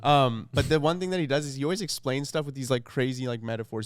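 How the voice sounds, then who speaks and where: A young man co-hosting a casual podcast, rambling through animated stories with quoted asides. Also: mid-range voice, fast talker, clean tone, no echo. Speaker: podcast co-host.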